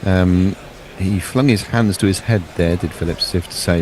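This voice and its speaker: Casting: deep-voiced man, relaxed cricket commentator, faint hiss behind. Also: moderate pace. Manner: chatty, jokey, describes play. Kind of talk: ball-by-ball radio commentary.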